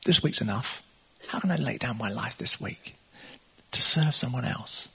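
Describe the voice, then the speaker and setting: A man's voice: medium pitch, expressive, moderate pace, gravelly, bright, forceful tone, husky. A man preaching a casual sermon, chatty and conversational, laughing often and acting out the quotes.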